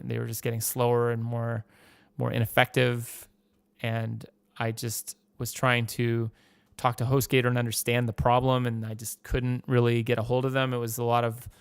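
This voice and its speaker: Gravelly man rambling on a podcast. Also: mid-range voice, no room sound. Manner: rambling, swears, acts out quoted dialogue. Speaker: podcast host. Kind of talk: casual monologue.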